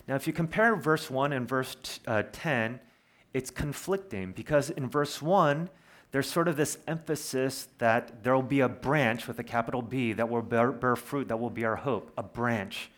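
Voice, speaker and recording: A man preaching a sermon, earnest and explanatory, slowing down to stress key words. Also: mid-range voice, fairly bright tone. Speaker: pastor.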